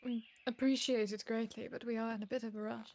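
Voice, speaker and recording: Young woman with a gravelly voice. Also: on the high side, level tone, quick pace, a little mellow. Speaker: player. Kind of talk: casual role-play.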